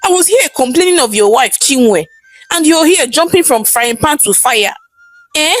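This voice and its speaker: A woman with a Nigerian accent voicing a distraught older mother-in-law who pleads and wails in high, quick bursts. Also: animated, dry recording, soft background music. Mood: scolding.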